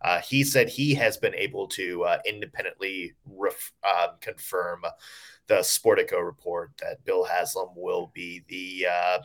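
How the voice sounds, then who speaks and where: Low-ish guy cohosting a sports podcast, loose and jokey, lots of uhs. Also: steady tone, unhurried, fairly bright tone. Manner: jokey, chatty, many fillers. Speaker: podcast co-host. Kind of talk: casual sports podcast chat.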